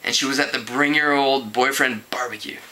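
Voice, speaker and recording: A man's voice: fairly even intonation, moderate pace, sharp tone, poor audio. A man reading a teen novel aloud casually, stumbling over words, correcting himself and laughing at the story. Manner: voices characters with raised pitch. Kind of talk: casual read-aloud narration.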